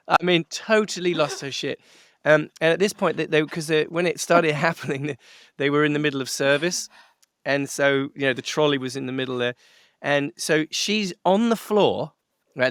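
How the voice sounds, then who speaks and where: A middle-aged man, a musician guest, telling a story in an interview with animated delivery, frequent laughs and many fillers and restarts. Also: on the high side, no echo, clean studio sound.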